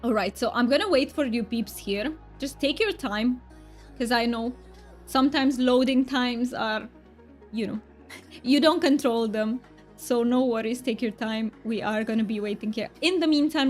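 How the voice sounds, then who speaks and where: A chatty woman game streamer with a slightly high voice talks casually to her viewers. Faint music plays underneath. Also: moderate pace. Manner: chatty, answers chat viewers. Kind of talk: casual livestream chat.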